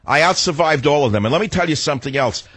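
A man hosting a talk radio show in a combative, ranting monologue, his voice rough from being sick and jumping high when he gets riled. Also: lively intonation, fast talker, a bit bright, no room sound.

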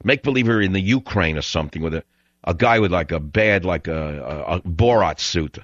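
A man's voice: deep voice, moderate pace, no echo, muffled recording. A man hosting a talk radio show, ranting in a sarcastic, combative monologue.

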